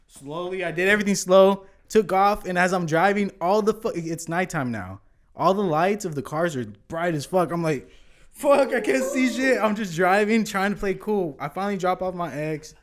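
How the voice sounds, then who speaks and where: A man's voice: sits high, moderate pace, a crowd in the background. A man casually telling a long story on a podcast, swearing often and acting out what people said. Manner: animated, swears often, acts out quotes. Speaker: podcast guest.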